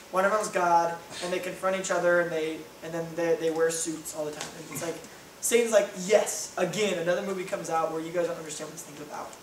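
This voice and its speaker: Animated preacher in an echoey hall. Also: male voice, high voice, recorded from a distance, slight background noise. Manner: animated storytelling with voiced asides. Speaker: pastor. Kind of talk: sermon. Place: church hall.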